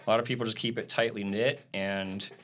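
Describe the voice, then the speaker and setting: A man in his thirties, a live sound engineer, telling stories in a casual podcast interview, animated and swearing freely. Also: fairly low pitch, a little fast. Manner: animated storytelling with frequent swearing and laughs. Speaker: live audio engineer and drummer.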